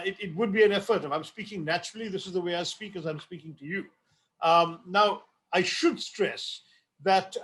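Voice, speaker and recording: An older man with an Indian English accent close to British, answering interview questions in an articulate, measured way with some fillers and restarts. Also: high-pitched. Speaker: author being interviewed.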